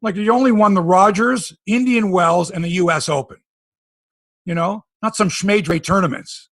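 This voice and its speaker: Husky-voiced Canadian man chatting sports. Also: high-pitched, normal speed, dry recording. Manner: animated storytelling, tangents. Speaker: podcast host. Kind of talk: casual sports chat.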